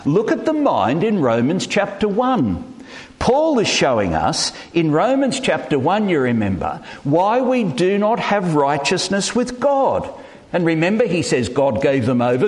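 Male preacher, middle-aged, fairly high voice, animated delivery, long hall reverb. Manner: animated and emphatic, with self-deprecating humour. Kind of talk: sermon.

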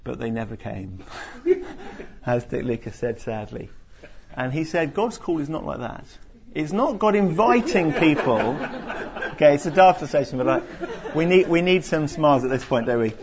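A man's voice: on the high side, animated, normal speed, a crowd in the background. A man giving an earnest Bible teaching talk to a group, explaining with many restarts and fillers. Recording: dull lo-fi recording.

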